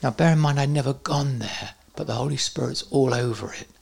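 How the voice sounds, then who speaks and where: A man's voice: mid-range voice, a little fast, gravelly, slightly rough. A man teaching at a church conference, with joking, self-deprecating asides to the audience. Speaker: preacher.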